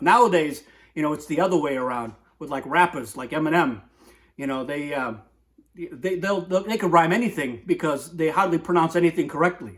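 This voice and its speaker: Slightly high-voiced man, comic poetry host, rambling and tangential, keeps tossing in "right?". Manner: rambling, digressive, lots of "right?".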